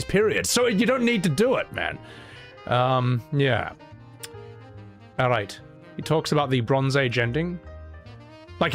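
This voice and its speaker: Young guy streamer rambling on, lively up and down voice, cusses a lot, faint music behind. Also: a little high. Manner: rambling, animated, swears, laughs often. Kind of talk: casual live-stream chat.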